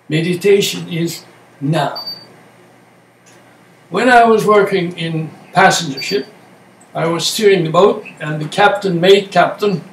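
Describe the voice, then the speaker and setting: A man speaking as a meditation teacher in a slow, reflective way, using short, halting phrases and plain words. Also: high voice. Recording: echoey room, distant mic, faint noise.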